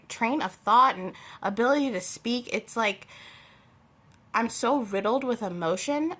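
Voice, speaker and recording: A woman's voice: fairly high pitch, pushed and bright. A young woman giving a casual tarot reading to her viewers, chatty and rambling, often losing her thread and laughing. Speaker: tarot reader.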